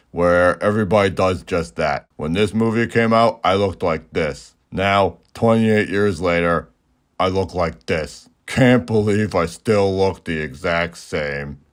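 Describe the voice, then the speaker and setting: A man narrating a comedic movie recap in a deadpan, mock-naive way. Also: low-pitched.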